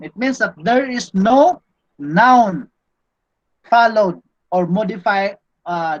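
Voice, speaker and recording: Slow Cebuano-accented man teaching Greek. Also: sits high, fairly bright tone. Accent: Filipino, Cebuano. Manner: slow, patient, stops to quiz students. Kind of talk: classroom grammar lecture. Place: classroom. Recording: dull lo-fi classroom recording.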